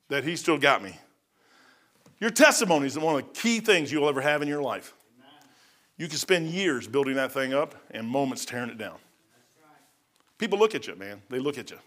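A man's voice: on the high side, bright, forceful tone. A middle-aged man preaching a sermon in a church, with a folksy, conversational manner, repeating phrases and often saying "man". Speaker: pastor.

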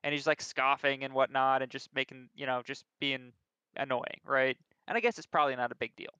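A young man tells a self-deprecating story in a casual podcast chat, animated and quick to mock himself. His voice is bright, crisp and slightly high. The recording is dry and a bit dull, with a lo-fi edge. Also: no room sound. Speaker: podcast co-host.

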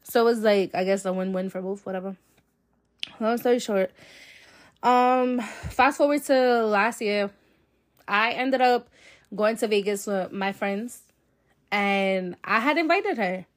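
A woman's voice: mid-range voice, a little slow, long pauses. A young adult woman hosting a podcast, telling a personal story in a candid, chatty way, with lots of fillers and swearing. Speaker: podcast host. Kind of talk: casual storytelling. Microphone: solo podcast mic.

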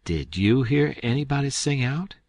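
A man's voice: mid-range voice, lively intonation, normal speed, a little mellow, husky, no room sound, voice pushed up. A man voicing a clever, scheming boy who plays innocent with mock-puzzled questions. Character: Tom Sawyer, clever boy, playing innocent.

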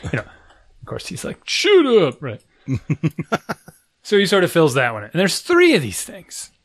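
Middle-aged guy, a bit high-voiced, telling kid stories, acts out the quotes, dry close mic. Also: moderate pace, no echo. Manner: animated storyteller, acts out quotes. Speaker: parent and co-host. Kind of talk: casual chat.

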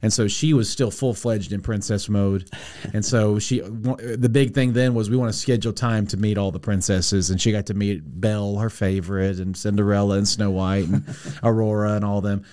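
Enthusiastic man with a lowish voice. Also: flat delivery, normal speed. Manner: warm, enthusiastic, stumbles and restarts often. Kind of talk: casual chat.

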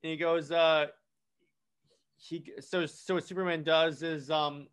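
A man's voice: on the high side, flat delivery, a little slow, fairly bright tone, clean tone. A man casually retelling a comic storyline, rambling with many restarts and false starts. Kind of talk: casual comic plot recap.

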